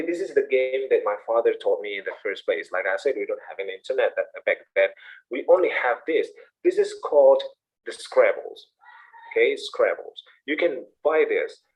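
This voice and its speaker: A man's voice: medium pitch, low-quality recording. A man, an English instructor giving an online speaking class, encouraging and often checking in with "okay?" and "all right". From Indonesia. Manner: lively, encouraging, repeats key points with "okay?" and "all right".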